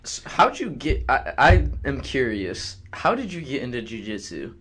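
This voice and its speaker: A man's voice: medium pitch, very animated, normal speed, fairly bright tone, husky. A man who is a student and a guest on a podcast, joking and teasing in casual chat.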